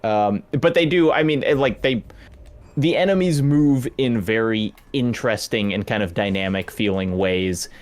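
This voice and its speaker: A man's voice: lowish voice, normal speed. A man casually chatting about video games as a guest, thinking aloud with many restarts. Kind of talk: casual gameplay commentary.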